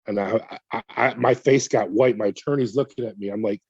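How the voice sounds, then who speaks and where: A man's voice: fairly low pitch, a little fast, slightly rough, dry recording, lo-fi sound. A man, a former corrections officer, telling his story in an interview, acting out what people said to him. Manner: animated retelling with quoted dialogue.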